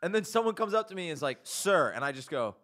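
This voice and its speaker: A man with a bright, forceful voice hosts a relaxed comedy chat. He tells stories with lots of energy and acts out the voices of the people in them. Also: on the high side, rapid-fire. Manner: animated storytelling, acts out quotes. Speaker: podcast host.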